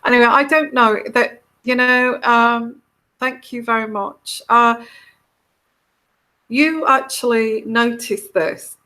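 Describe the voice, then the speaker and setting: A woman's voice: a little high, steady tone, slow, sharp tone. An English woman with a mixed northern and southern English accent, hosting a casual live chat as a tarot reader, soothing and meandering with many restarts. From England.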